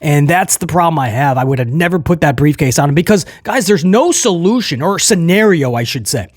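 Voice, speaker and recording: A man reviewing a wrestling show in casual commentary, animated, laughing often and addressing viewers directly. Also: on the high side, a little fast, no room sound, clean studio sound.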